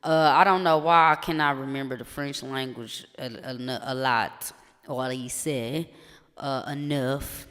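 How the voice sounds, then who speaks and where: A live streamer chatting casually, rambling and slangy with plenty of swearing, stumbling now and then into halting French. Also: medium pitch, fairly even intonation, fairly bright tone. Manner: rambling, loose and profane, slangy. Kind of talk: casual chat. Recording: long reverb with music behind.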